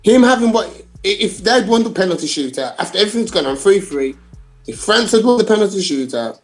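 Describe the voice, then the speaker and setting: A man's voice: sits high, expressive, brisk, soft background music. A man co-hosting a casual football chat, using a lot of slang and repeating his points emphatically. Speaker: podcast co-host.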